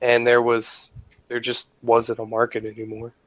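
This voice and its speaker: A man's voice: mid-range voice, completely flat delivery, normal speed, fairly bright tone, no room sound, rough recording. A man co-hosting a podcast, chatting casually and enthusiastically with lots of "like" fillers. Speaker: podcast co-host. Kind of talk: casual chat.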